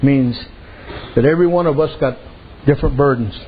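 A man's voice: mid-range voice, fairly quick, slightly rough. A man preaching a sermon in a folksy, conversational way, telling stories and rising in intensity as he presses his points. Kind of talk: sermon with storytelling. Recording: dull lo-fi with faint hiss.

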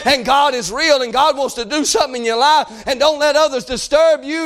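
A man delivers a fervent sermon in a very high voice. He moves between shouted pleading and low, quiet talk. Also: a little fast, hardly any pauses. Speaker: preacher.

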